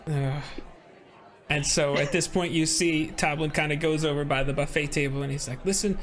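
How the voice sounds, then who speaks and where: Male GM, casual rambling narration, slightly high. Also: level tone, normal speed, a bit bright. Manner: rambling, filler-heavy narration. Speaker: game master. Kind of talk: narrating a tabletop game.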